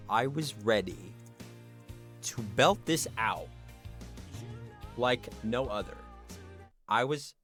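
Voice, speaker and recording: A man hosting a livestream, telling a story in casual chat, animated and acting out the people he quotes. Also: fairly low pitch. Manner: animated, acts out quoted voices. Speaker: livestream host.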